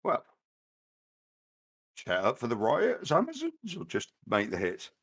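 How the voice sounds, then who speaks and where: A man's voice: medium pitch, wildly swooping pitch, unhurried, a bit bright. A man giving upbeat, bantering commentary on a game stream.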